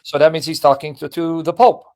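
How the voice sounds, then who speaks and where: A man's voice: fairly high pitch, level tone, fairly quick, a little mellow. A man hosting a casual online religious discussion, reading long quotes aloud and pressing his guests with emphatic questions. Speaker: host of a religious debate stream.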